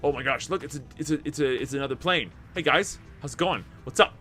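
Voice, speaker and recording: A man hosting a gameplay video, reading the game's text aloud and commenting with excitement. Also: on the high side, fast talker, faint music behind. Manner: animated, reads dialogue aloud with excitement.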